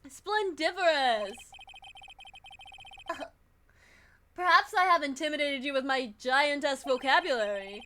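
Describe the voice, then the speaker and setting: A woman's voice: sits high, unhurried, pauses often, pushed and bright. A woman voicing a pompous, wordy male company president who mangles big words in a grand manner.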